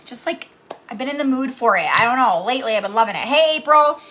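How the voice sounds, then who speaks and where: A woman's voice: a little high, lively intonation, fast talker, pushed and bright. A woman in her thirties hosting a live craft tutorial from home, chatty and bubbly, greeting viewers by name as she talks. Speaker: craft channel host.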